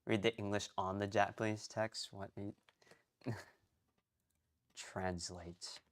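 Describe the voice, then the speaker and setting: A young man live-streaming his language study, rambling and thinking out loud, often muttering to himself and restarting sentences. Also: on the low side, steady tone, takes it slowly, a little hiss or hum. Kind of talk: casual live-stream chatter.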